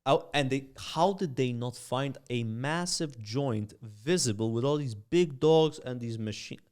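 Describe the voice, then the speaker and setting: A young man with a Maltese accent tells an animated story in a podcast chat, filling gaps with "uh" and "like". His voice sits at a middle pitch and sounds smooth and clear. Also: unhurried. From Malta. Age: young adult. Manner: animated storyteller, many fillers. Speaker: guest, streamer.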